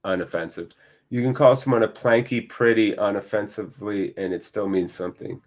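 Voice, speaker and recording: A man hosting a live match watchalong, chatting with viewers and breaking into excited play-by-play. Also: on the low side, brisk. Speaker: fan channel host.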